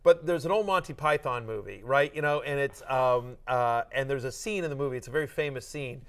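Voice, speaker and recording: A middle-aged man hosting a casual sports podcast, talking in an animated, joking way with quick restarts. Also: mid-range voice. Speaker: host.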